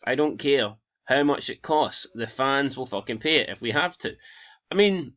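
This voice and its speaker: A man's voice: mid-range voice, expressive, normal speed, a bit bright. A Scottish man hosting a football channel, bluntly and exasperatedly reading out and reacting to viewer comments, with frequent swearing.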